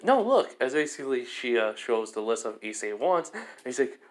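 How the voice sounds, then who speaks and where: A man's voice: medium pitch, fairly quick. A man casually retelling a fan-made story in a rambling way, heavy on fillers.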